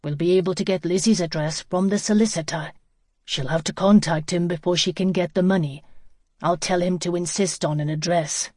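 Brief: furious jilted young man in an audiobook, forceful and clipped, read by a woman in a low voice. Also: steady tone, normal speed, dry recording, clean studio sound, close to an everyday voice. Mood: urgent.

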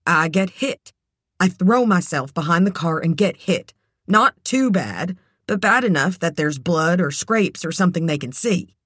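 A narrator voicing a nervous, eager young woman in an audiobook, with a higher, quick and hesitant way of talking. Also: expressive, fairly bright tone, slightly rough, dry recording. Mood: determined.

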